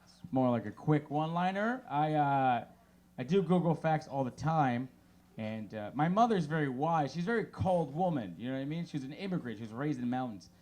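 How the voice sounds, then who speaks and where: Animated male stand-up comic in a bar. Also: fairly high pitch, a little fast. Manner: deadpan one-liners with rising exclamations. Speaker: stand-up comedian. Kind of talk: stand-up comedy set. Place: small bar stage.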